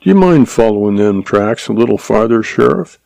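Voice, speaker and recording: A man's voice: fairly low pitch, lively intonation, normal speed, creaky, dark tone, no echo. A man voicing a cocky cowboy puncher who drawls and mocks his enemies. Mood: mocking. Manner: drawling, mocking.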